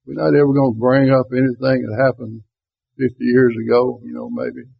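A man's voice: mid-range voice, level tone, fairly quick, vocal fry, slight background noise. A man teaching a Bible class in a conversational way, asking his listeners rhetorical questions. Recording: tinny phone-like lo-fi recording.

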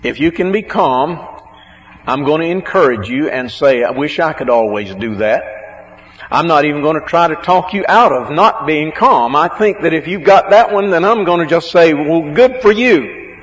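A man's voice: fairly high pitch, expressive. Emphatic preacher man in an echoing hall. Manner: slow, emphatic, drawn-out words for stress. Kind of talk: sermon on marriage. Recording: muffled, with a long hall echo.

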